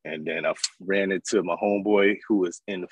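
A man in his thirties from New York, telling his life story as an interview guest in an animated, casual way. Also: deep voice, a little fast, breathy edge, no echo, rough recording. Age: 30s. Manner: animated, acts out voices in his stories.

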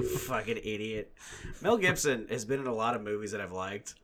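A young man trades profane, sarcastic banter as a podcast co-host. His voice sits a little low, and he laughs often between jabs. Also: expressive, normal speed, fairly bright tone.

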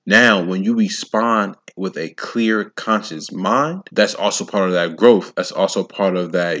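Deep-voiced man hosting a motivational podcast. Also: normal speed, few pauses, a bit bright. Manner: emphatic, preachy, punctuates points with sound effects; casual and slangy, addresses listeners directly. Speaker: podcast host. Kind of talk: solo motivational podcast monologue.

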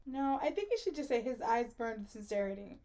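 A woman's voice: fairly high pitch, animated, fairly quick, mellow. A woman co-hosting a casual book podcast, thinking aloud with lots of fillers and frequent giggles. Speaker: podcast co-host. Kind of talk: casual book-club chat.

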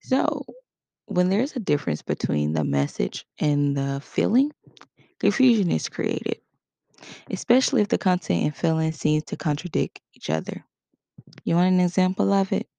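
A woman's voice: on the low side, expressive, normal speed, gravelly, warm tone, no room sound. A woman giving a casual spoken lesson in a conversational way, acting out short example quotes. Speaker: instructor.

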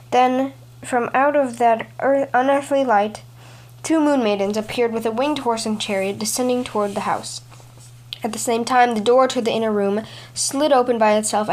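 A woman hosting a storytelling podcast, giving a measured, expressive scripted reading of a folk tale. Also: a little high.

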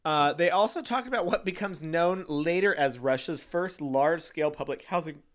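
A man's voice: fairly high pitch, normal speed. A man co-hosting a casual true crime podcast, laughing often and trading teasing banter. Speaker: podcast co-host.

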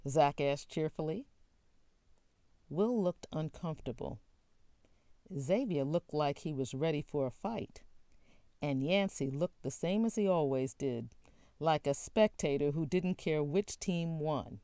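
A woman narrating an audiobook in an even, clear storytelling manner. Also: low voice, measured pace, no echo.

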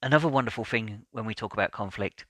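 A man hosting a solo podcast, talking in a calm, measured and deliberate way, sometimes repeating words as he thinks. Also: fairly low pitch. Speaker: podcast host.

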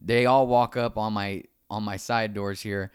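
A man's voice: fairly low pitch, unhurried, smooth, no room sound, studio quality. A man casually telling a long anecdote, acting out the other people's lines as he goes. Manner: animated, acts out quoted dialogue.

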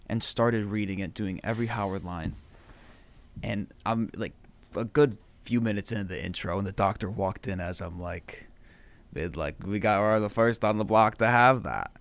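A young man chatting on a podcast, telling animated stories and swearing casually. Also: on the low side. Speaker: podcast guest. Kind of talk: casual chat.

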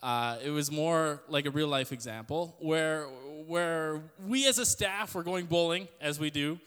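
A young man giving a loud, joking youth sermon to an audience in a church hall. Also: a little high, a little slow, clear, resonant tone. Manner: loud, joking, self-deprecating storyteller. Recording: long hall reverb.

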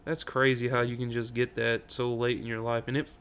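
A man's voice: medium pitch, a little fast, clear, resonant tone. A man co-hosting a casual sports chat, telling stories in a rambling, swearing way. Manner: rambling storyteller, swearing, gets loud and excited. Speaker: podcast co-host.

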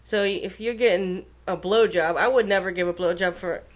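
A woman's voice: lowish voice, brisk. A woman co-hosting a podcast in casual chat, crude and laid-back, laughing often. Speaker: podcast co-host.

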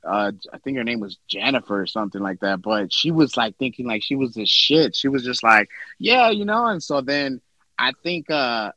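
A man hosting a casual podcast chat with friends, slangy and profane, telling stories with animated quoted voices. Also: medium pitch, moderate pace, no room sound, dull audio. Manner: slangy, swears a lot, animated storytelling. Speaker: podcast host.

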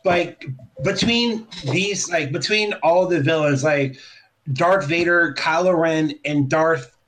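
Chatty man with a higher voice. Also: slow pace, fairly bright tone, slight background noise, low-quality recording. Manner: rambling, filler-heavy, enthusiastic. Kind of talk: casual chat.

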